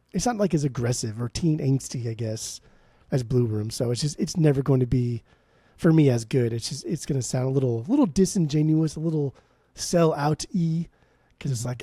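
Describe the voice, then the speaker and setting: A man's voice: fairly high pitch, moderate pace, mellow, breathy edge, dry recording, studio quality. A man co-hosting a podcast, giving laid-back, profane opinions on albums in casual chat. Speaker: podcast co-host. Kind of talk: casual music review chat.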